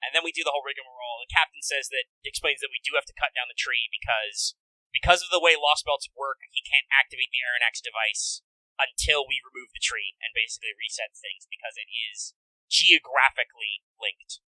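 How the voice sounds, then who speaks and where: Man, very bright voice, dry close recording, animated casual recap, profane. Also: medium pitch, brisk, no echo, poor audio. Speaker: podcast co-host. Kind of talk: casual game recap chat.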